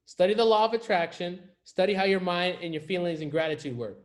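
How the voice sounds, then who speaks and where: In a laid-back pep talk to camera, this male life coach speaks a little fast in a high-pitched voice. He coaches viewers with emphatic slang and keeps repeating his main points for effect.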